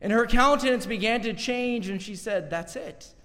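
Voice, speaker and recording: A man preaching a sermon with fervor, stumbling over and repeating words, swinging between loud and hushed. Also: very high voice, normal speed. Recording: long reverb of a large hall.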